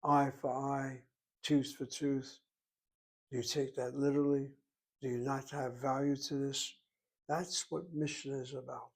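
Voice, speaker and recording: A man teaching Hebrew in a relaxed lecture, explaining terms patiently and asking rhetorical questions along the way. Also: medium pitch, a little slow.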